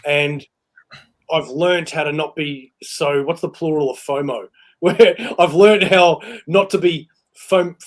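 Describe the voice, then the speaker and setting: Man, fairly high voice, host, animated, laughs a lot. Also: slow pace. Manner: animated storyteller, laughs often. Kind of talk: casual chat.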